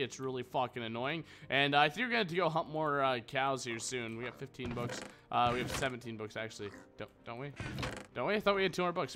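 A man's voice: a little high, bright, forceful tone, a little hiss or hum. A young man rambling and joking crudely as he narrates his own Minecraft game. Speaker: gaming YouTuber. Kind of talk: casual Minecraft let's play commentary. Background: background music.

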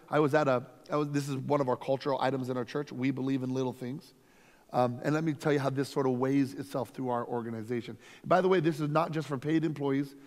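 A man, a lead pastor, teaching a conference workshop through energetic, emphatic stories. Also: medium pitch. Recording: long reverb from a hall.

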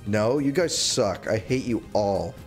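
Lively, joking male gamer streamer. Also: fairly low pitch, unhurried, faint music behind. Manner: joking, reads chat aloud, sudden squeals and yelps. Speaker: livestreamer. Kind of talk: casual gameplay livestream chatter.

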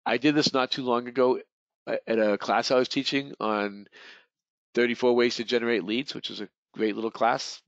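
A man with a medium-pitched, fairly bright voice gives a rambling real estate training webinar full of restarts and repeated words. No room sound comes through, though the webinar audio is dull and lo-fi.

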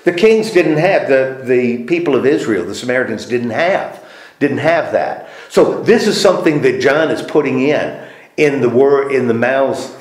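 A man leading a group Bible study in a church meeting room, putting questions to the group and repeating their answers. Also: mid-range voice. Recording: roomy echo.

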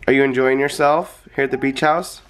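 A man's voice: mid-range voice, steady tone, fairly quick, a crowd in the background. A man chatting casually and playfully to the camera while vlogging his family beach trip. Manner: playful, chatty, laughs often. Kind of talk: casual vlog chat. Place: beach house and beach, outdoors. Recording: noisy outdoor recording.

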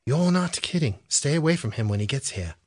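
A man voicing a brisk British woman intelligence analyst, with a put-on British accent and bursts of British slang. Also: medium pitch, big pitch swings, pitched above the performer's own voice. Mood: exasperated.

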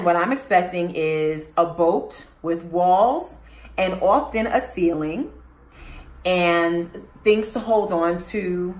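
A woman hosting her own channel recounts a personal story to the camera in a fairly low voice, the room sounding echoey. Animated, she breaks off to pose questions to her audience.

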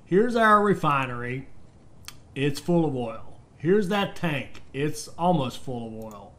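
A man's voice: fairly high pitch, sing-song, slow, a bit bright. Man rambling through a let's-play. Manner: rambling, thinks aloud with fillers and restarts. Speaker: game commentator. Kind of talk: casual let's-play commentary.

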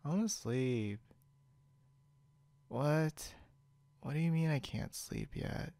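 A man's voice: fairly high pitch, animated, takes it slowly, mellow, dry recording. A man voicing a drunk, sleepy young man in a whispered role-play, rambling and giggly, losing his train of thought. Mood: drowsy, silly.

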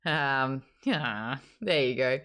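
A woman's voice: extremely low pitch, lively intonation, slow pace, fairly bright tone, clear, resonant tone. A woman hosting a live book club stream, chatting casually, teasing and laughing often. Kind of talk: casual chat.

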